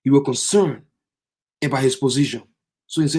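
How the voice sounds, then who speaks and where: A man preaching an impassioned sermon, often bursting into shouts. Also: mid-range voice, fairly quick, long pauses, husky.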